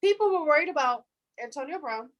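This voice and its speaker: A woman's voice: high-pitched, quick pace, dull audio. Chatty young woman talking football. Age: 20s. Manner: chatty, animated, laughs often; fan of the team, says "our defense". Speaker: podcast co-host. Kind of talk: casual sports chat.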